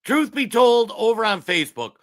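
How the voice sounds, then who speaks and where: Male co-host, heated commentary, bright edgy voice, a bit high. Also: sing-song, normal speed. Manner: heated, raising his voice, worked up. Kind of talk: political commentary show. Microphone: streaming studio mic.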